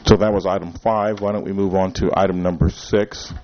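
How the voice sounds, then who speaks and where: A man chairing a city council meeting, calling motions and roll calls in a brisk procedural way. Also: low-pitched, steady tone, muffled recording.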